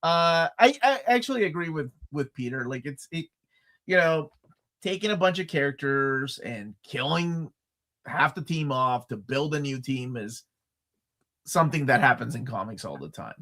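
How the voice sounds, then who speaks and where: A middle-aged man co-hosting a casual live chat, animated and joking, often restarting his sentences. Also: mid-range voice, moderate pace. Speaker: co-host.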